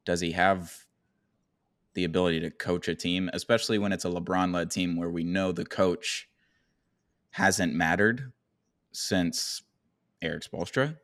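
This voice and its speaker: A man with a very low, deep voice co-hosts a casual basketball podcast. He rambles and thinks aloud, restarting his sentences. The close mic sounds dry, with no room around it. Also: a little slow, pauses often, fairly bright tone, no echo. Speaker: podcast co-host. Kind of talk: casual sports podcast chat.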